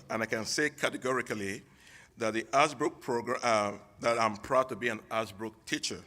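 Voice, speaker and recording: A man in his forties with a Texan accent, a teacher giving a heartfelt, somewhat halting acceptance speech at a dinner. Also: medium pitch, pushed and bright. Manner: heartfelt, halting, with fillers and restarts. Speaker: award-receiving teacher. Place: banquet hall.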